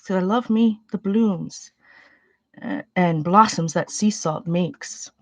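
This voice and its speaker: A woman's voice: on the low side, takes it slowly, darkish tone, no room sound. A woman hosting a casual painting livestream, chatting loosely with viewers as she works and sniffling a little. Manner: chatty, rambling, greets viewers, thinks aloud. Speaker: art livestream host.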